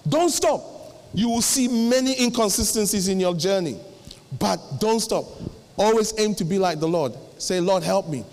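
A middle-aged male pastor preaching, acting out little dialogues with sudden jumps in pitch. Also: animated, moderate pace, darkish tone. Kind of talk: sermon. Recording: long hall reverb.

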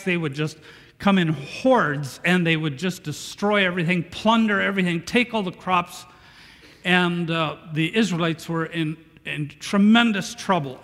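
High-voiced preacher in an echoing hall. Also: male voice. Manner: animated, asks the congregation questions. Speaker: pastor. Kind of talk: sermon. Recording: long reverb of a large hall.

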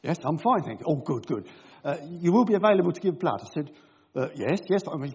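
A man's voice: fairly high pitch, big pitch swings, fairly quick, darkish tone, husky. An older man reading a Bible passage and then giving a humorous, self-deprecating talk full of anecdotes and voices. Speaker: speaker at a gathering. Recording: dull lo-fi recording.

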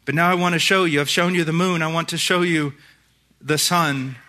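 A middle-aged man preaching a sermon, moving between hushed, intense passages and shouted emphasis. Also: on the high side, steady tone, normal speed.

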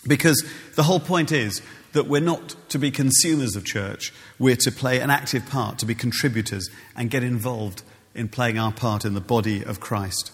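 A man's voice: mid-range voice, normal speed, big-room sound. A man preaching a sermon in a church, conversational with many ums and restarts.

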